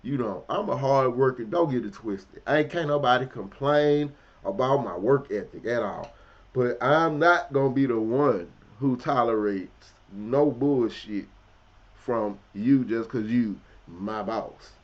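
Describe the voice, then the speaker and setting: A man telling a blunt, profane personal story in casual street slang, swinging between loud, heated outbursts and low, quiet asides. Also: expressive, measured pace. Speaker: commentary vlogger. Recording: dull, lo-fi audio.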